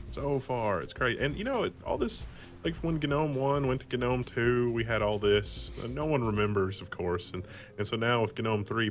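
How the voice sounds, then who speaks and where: A man co-hosting a casual tech discussion, talking in an animated, rambling way with jumpy intonation. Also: medium pitch. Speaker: co-host.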